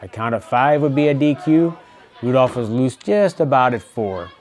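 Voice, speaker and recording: A man's voice: mid-range voice, expressive, moderate pace, darkish tone, faint music behind. A man hosting a wrestling show and calling the match play-by-play in a folksy, chatty way, reminiscing between calls.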